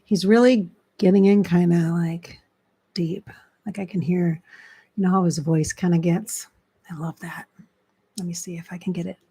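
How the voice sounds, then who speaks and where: Middle-aged psychic lady on a livestream, breathy husky voice, soft and whispery right up on the mic. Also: on the low side, steady tone, normal speed. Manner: soft, drifting often into hushed whispers. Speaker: psychic medium. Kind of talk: livestream spirit channeling. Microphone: close desk mic.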